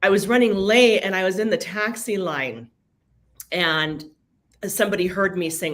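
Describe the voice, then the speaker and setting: A woman co-hosting a casual business chat, telling stories with lively quoted voices. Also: fairly low pitch, moderate pace, a little hiss or hum. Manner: chatty storyteller, animated quoting. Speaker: co-host of a real estate broker talk.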